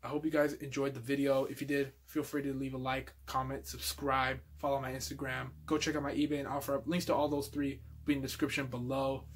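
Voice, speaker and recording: A man's voice: mid-range voice, little pitch movement, quick pace, hardly any pauses, husky. A young man in a casual toy-collection vlog, laid-back and fond of calling everyone dude, tired and out of breath.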